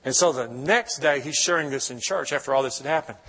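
A man's voice: medium pitch, fairly quick, bright, forceful tone, husky. A middle-aged man, preaching as a guest in church and telling an emotional testimony with many restarts. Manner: emotional, storytelling, with frequent restarts. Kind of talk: sermon testimony. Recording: long hall reverb.

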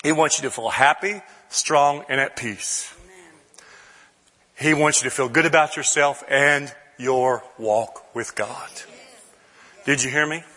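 A man preaching a sermon, reading scripture slowly and rising to shouted emphasis. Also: mid-range voice. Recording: long hall reverb.

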